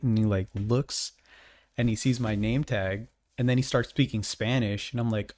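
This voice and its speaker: A man's voice: lowish voice, moderate pace, dry recording. A man from the United States co-hosting a podcast in casual chat, swearing freely and telling stories with lots of laughs. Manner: swears freely, laughs often, animated storytelling. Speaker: podcast co-host.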